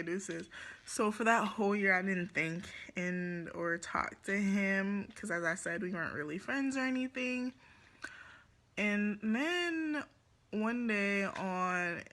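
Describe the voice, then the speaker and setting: Bright-voiced Jamaican teen girl, unhurried. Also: fairly low pitch. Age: teens. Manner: chatty, rambling, lots of fillers and giggles. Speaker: vlogger. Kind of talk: storytime vlog.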